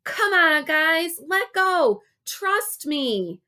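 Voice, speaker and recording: A woman's voice: very high voice, big pitch swings, drawn-out words, voice pushed up, heavily acted. A woman voicing Dale, a boy calling out from the water and coaxing his friends to trust him. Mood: urgent coaxing. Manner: coaxing, shouting.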